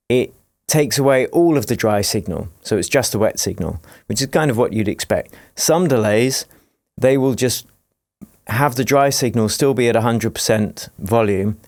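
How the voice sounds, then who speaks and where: A man teaching music production in a screen-recorded tutorial, explaining each step in a relaxed, jokey way. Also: medium pitch, no echo, studio quality. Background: faint dance music playing from his project.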